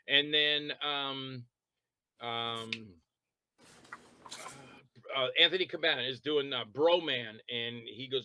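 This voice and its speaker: A man chatting as an interview guest, telling long rambling stories about making films, quick to laugh and to act out what others said. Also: mid-range voice, pushed and bright, no echo, lo-fi sound. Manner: rambling anecdotal storytelling. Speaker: interview guest, independent filmmaker and actor. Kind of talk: casual interview chat.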